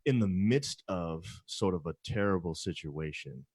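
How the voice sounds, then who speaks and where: Male pastor guest on a talk podcast, somewhat low voice, emphatic and affirming. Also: animated, a little slow, darkish tone, husky, dry recording, studio quality. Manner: emphatic, affirming, speaks in building phrases. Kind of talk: casual conversation.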